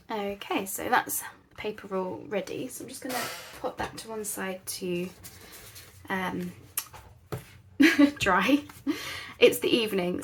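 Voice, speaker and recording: A woman's voice: mid-range voice, a little hiss or hum. A woman hosting a casual craft tutorial, chatting in a rambling, self-deprecating way at her craft table at home. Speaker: crafting channel host.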